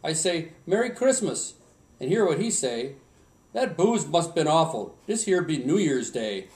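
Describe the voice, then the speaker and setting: A man's voice: fairly high pitch, big pitch swings, measured pace, a little mellow, slight background noise, voice pushed up. A man putting on a mock Swedish accent to voice a tipsy old lumberjack, reciting a Christmas poem in a sing-song, chuckling way. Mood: jolly. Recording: roomy home recording from a distance.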